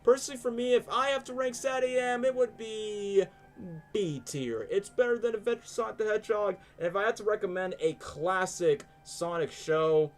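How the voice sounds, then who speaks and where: A man's voice: high voice, moderate pace. Chatty young man hosting a stream. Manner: animated and chatty, many fillers. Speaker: stream host. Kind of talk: casual chat, ranking shows live.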